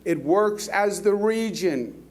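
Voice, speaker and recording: A politician giving a public speech, telling folksy stories and rousing the crowd with repeated lines. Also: male voice, high-pitched, animated, takes it slowly. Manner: folksy storytelling, rousing and repetitive.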